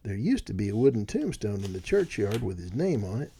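A man's voice: lowish voice, very animated, fairly quick, creaky, dark tone, slight background noise. A man voicing a very old villager, speaking in a matter-of-fact way. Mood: solemn.

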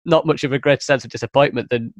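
A man's voice: mid-range voice, rapid-fire, dry recording. A man with a northern English accent, hosting a casual chat and often murmuring short agreements.

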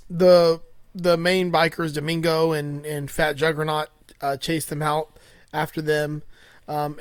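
Male podcast host, higher voice, crude casual recap, dry close sound. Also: no room sound. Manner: crude, laughing, full of fillers.

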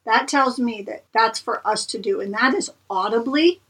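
A woman's voice: on the high side, normal speed, a bit bright, husky, distant mic, poor audio. A woman co-hosting a Christian podcast who speaks earnestly with a preacherly tone and repeats phrases for emphasis. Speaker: podcast co-host. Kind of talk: encouraging devotional talk.

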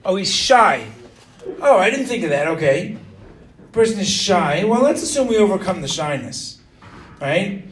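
A middle-aged man teaching an informal religious lesson to students. He is animated, keeps quizzing the class and tags his points with "right?". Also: high voice, unhurried, pauses often.

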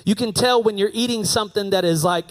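An American man preaching a sermon in a high, light voice. He tells his story in a chatty, conversational way and keeps circling back to repeat his key phrases. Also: fast talker. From United States. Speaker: pastor.

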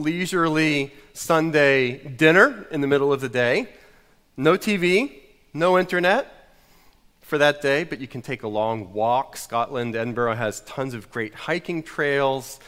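A man's voice: medium pitch, fairly bright tone, clear, resonant tone, long reverb tail. A middle-aged American man preaching a sermon, telling a story in a wry, self-mocking way. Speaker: pastor.

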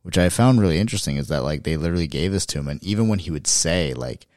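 A man with an extremely deep voice hosts a casual podcast chat. He talks in a relaxed, reflective way, with plenty of loose fillers. The sound is dry and close, with no room echo. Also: fast talker. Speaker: podcast host. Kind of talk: casual conversation.

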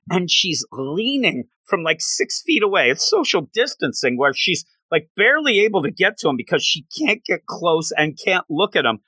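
Animated man gushing over a story. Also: on the high side, no echo. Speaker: manga reviewer. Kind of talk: casual story recap.

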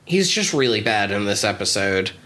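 A woman's voice: a bass voice, very animated, moderate pace, a bit bright. A woman co-hosting a podcast, chatting casually and bluntly criticizing a TV episode, laughing often. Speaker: podcast co-host.

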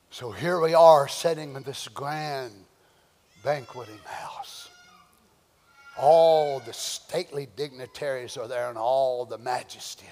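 An older man preaching a sermon, swinging between loud shouting and quiet storytelling. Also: mid-range voice, long reverb tail. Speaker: pastor.

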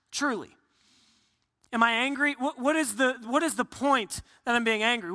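A man's voice: high-pitched, sharp tone, long reverb tail. A male pastor preaching in a casual, candid way, with joking asides to the congregation. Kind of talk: conversational sermon.

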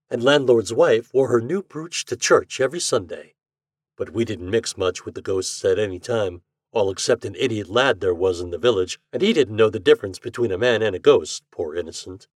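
A man reading a story aloud as a podcast narrator, with an expressive reading style. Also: on the low side, no echo, studio quality. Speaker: podcast reader.

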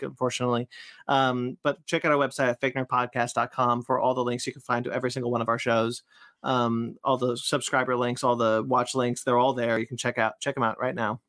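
A man in the host's chair who talks in loose, looping sentences and keeps starting over. His voice sits at an ordinary middle pitch, and the sound is dry and close with no room echo. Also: fairly bright tone. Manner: rambling, with many fillers and restarts. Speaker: podcast host. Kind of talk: casual podcast chat and sign-off.

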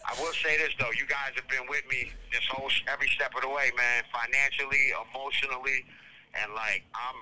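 A man's voice: mid-range voice, fairly even intonation, brisk, noisy background. A man calling in to a podcast, talking in laid-back slang and swearing freely. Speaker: caller phoning in. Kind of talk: casual phone chat.

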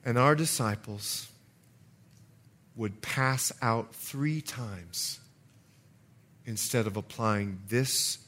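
Bright, animated pastor telling stories. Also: male voice, fairly high pitch. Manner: animated storyteller, jokey asides, shifts from loud to hushed. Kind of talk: sermon with storytelling.

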